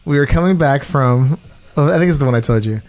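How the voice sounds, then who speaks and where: A man hosting a podcast, telling a story in a casual, animated and profane way. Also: mid-range voice, fast talker.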